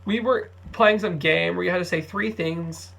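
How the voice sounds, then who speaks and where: A man's voice: high-pitched, moderate pace, vocal fry, fairly bright tone. A young man in his late teens from Ohio, chatting casually on his couponing vlog, sleepy and rambling with lots of fillers and restarts. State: sleepy, yawning. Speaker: couponing YouTuber.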